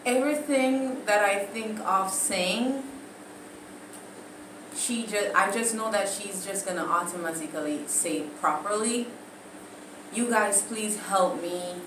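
A woman's voice: mid-range voice, slow pace, background noise. A woman, teasing and laughing as she slips into patois during a playful vlog challenge. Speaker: vlogger. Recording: echoey room from a distance.

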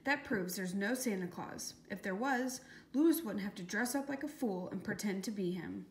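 A woman's voice: mid-range voice, normal speed, close to an everyday voice. A woman voicing a bratty, spoiled schoolgirl who sneers like a know-it-all, read in a storybook. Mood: snide. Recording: echoey room with faint hiss.

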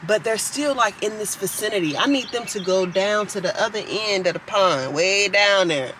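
A woman's voice: medium pitch, normal speed, few pauses, a bit bright, a little hiss or hum, low-quality recording. A young woman vlogging in a bubbly, chatty way, talking straight to her viewers. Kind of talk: casual vlog chat.

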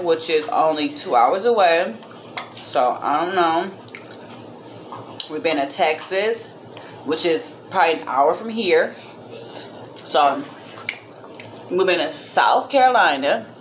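A woman's voice: fairly low pitch, expressive, slow, pauses often, a bit bright, a little hiss or hum. A woman vlogger and mother chatting casually to her viewers, rambling and heartfelt, calling them "y'all", with a minor cough. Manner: heartfelt, religious. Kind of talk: casual chat to camera.

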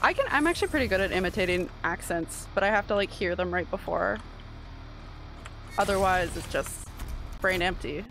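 A woman from Canada streaming a shooter game live, chatting casually, swearing and reacting loudly to the action. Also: on the low side, lively intonation, normal speed, a little hiss or hum.

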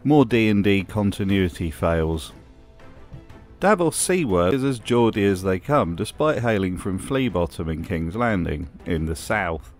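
A man's voice: low voice, animated, measured pace, soft background music. A man from Britain reading scripted commentary, with wry and mocking asides. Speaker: video essay host.

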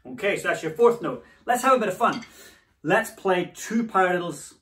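A man's voice: high voice, animated, normal speed, very noisy. A man teaching a drumming lesson, coaching encouragingly and calling out the rudiment syllables as his students play. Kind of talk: instructional lesson. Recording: echoey room, voice a bit far from mic.

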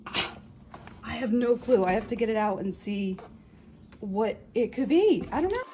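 A woman reselling returns, chatting excitedly to viewers as she unboxes, over-caffeinated and talking a mile a minute. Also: fairly high pitch, measured pace, slight background noise. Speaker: reseller vlogger. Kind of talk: casual unboxing vlog.

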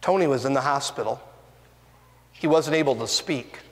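A man pastor preaching a sermon in a church sanctuary, earnest and deliberate, with rising and falling emphasis. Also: mid-range voice. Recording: long reverb of a church hall.

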